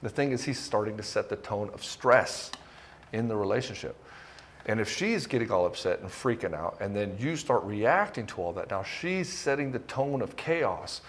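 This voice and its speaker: A man coaching husbands on relationships, talking bluntly and casually, swearing freely and hammering points in short bursts. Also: mid-range voice. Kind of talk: direct-to-camera coaching talk.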